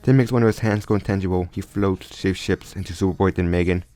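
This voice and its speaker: Halting, low-voiced man telling a story. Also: steady tone, warm tone. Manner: halting, stumbles and restarts often. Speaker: storyteller retelling a fan crossover story. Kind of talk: casual improvised narration. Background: faint background music.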